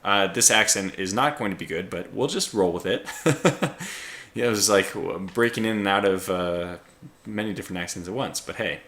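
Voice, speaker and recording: A man hosting a let's play, reading the game's story text aloud and adding relaxed commentary, with occasional stumbles. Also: lowish voice, normal speed.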